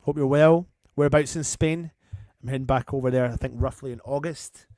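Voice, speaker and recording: A man's voice: medium pitch, steady tone, a little fast, a little mellow, dry recording, studio quality. A man hosting a live football watchalong, calling the play and chatting with viewers in a matey way. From England. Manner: chatty and matey, breaks off commentary to greet viewers. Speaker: fan channel host doing a live match watchalong. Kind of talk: live match commentary mixed with reading out viewer comments.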